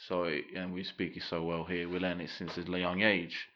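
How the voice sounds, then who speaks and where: A man co-hosting a podcast in casual chat, agreeable and quick to back up his partner. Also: sits low, flat delivery, a bit bright, lo-fi sound, slight background noise. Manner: agreeable, lots of short backchannels. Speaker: podcast co-host.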